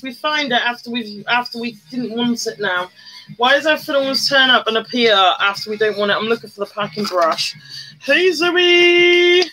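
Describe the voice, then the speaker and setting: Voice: mid-range voice, sharp tone. A person chatting casually on a livestream while doing makeup, greeting viewers by name and humming along. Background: faint music.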